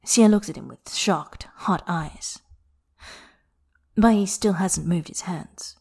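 Woman reading a spicy story, soft and intimate, kinda low voice, whispers sometimes. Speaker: narrator. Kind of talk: erotic fiction reading.

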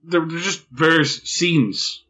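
A man in casual movie chat, wry and hesitant, often pausing with ums. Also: fairly high pitch, bright, forceful tone, slightly rough. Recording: dull lo-fi audio.

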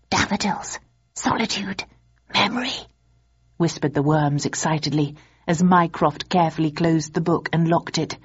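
A woman narrating an audiobook in an even, measured storytelling voice. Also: deep voice, breathy edge, muffled recording. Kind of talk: scripted narration.

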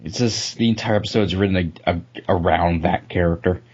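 A man's voice: low-pitched, fairly quick, darkish tone, slightly rough, lo-fi sound. A man co-hosting a casual podcast chat, ranting with lots of swearing and frequent laughter. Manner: profane, ranting, laughs often. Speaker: podcast co-host.

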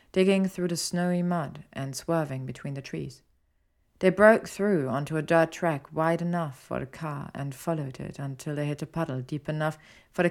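Woman narrator, low voice, steady storytelling read. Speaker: audiobook reader. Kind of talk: fan fiction narration.

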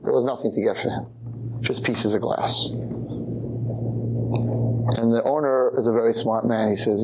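A man's voice: mid-range voice, moderate pace, long pauses, slightly rough, low-quality recording. Man telling a sermon story. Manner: animated storytelling, acting out characters. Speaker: rabbi. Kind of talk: sermon lecture to girls.

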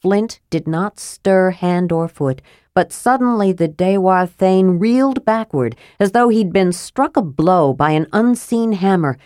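A woman narrating a fantasy audiobook in a measured, steady reading. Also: on the low side, dry recording, clean studio sound.

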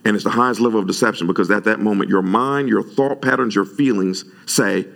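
A man preaching a sermon, animated and conversational, jumping high in pitch when he retells his own words. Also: brisk, vocal fry, hardly any pauses. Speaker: pastor.

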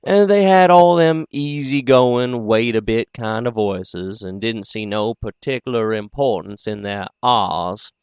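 A man hosting a podcast and reading a book aloud, in a dry, self-deprecating way with casual pauses. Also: mid-range voice, a little mellow, clean tone, no echo, dull audio. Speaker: podcast host and audiobook reader. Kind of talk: casual audiobook narration.

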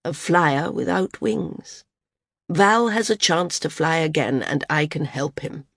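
A woman's voice: deep voice, measured pace, gravelly, husky, no room sound, studio quality, heavily acted. A woman voicing a stern older woman teacher. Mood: quiet. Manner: calm, even, cool and firm.

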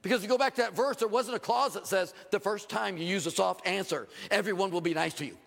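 A middle-aged male pastor preaching a sermon, animated, acting out quoted voices with sudden jumps in pitch. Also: quick pace, creaky. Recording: long reverb of a large hall.

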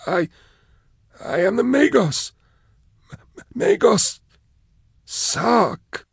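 A man's voice: high-pitched, sing-song, very slow, creaky, breathy edge, no room sound, studio quality, voice pushed up, heavily acted. A man voicing a ravaged, timid male prisoner who stutters and strains to form words. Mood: anxious. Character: broken, stammering old male prisoner.

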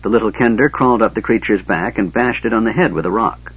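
A man narrates a fantasy story in a steady, even storytelling voice. His voice is low and husky. The recording sounds dull and lo-fi. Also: fast talker. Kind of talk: scripted narration.

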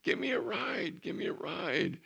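A man voicing an excited little boy who eagerly begs again and again in a sermon story. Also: sits high, slow, vocal fry, slightly rough, dull audio, pitched above the performer's own voice, exaggerated voice. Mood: pleading. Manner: eager, shouting, repetitive pleading.

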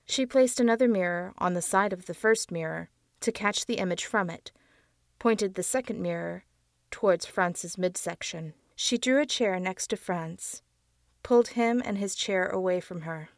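A woman narrating a dark tale for an audiobook in a measured reading. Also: medium pitch, no echo, studio quality. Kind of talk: storybook narration.

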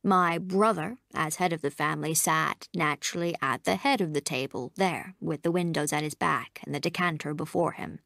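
A woman voicing an elderly, pompous uncle in a wheelchair who tells his tale with florid, courtly relish. She reads with a low, gravelly tone. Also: normal speed, few pauses, a bit bright, dry recording, studio quality. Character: elderly genteel invalid uncle, pompous raconteur.

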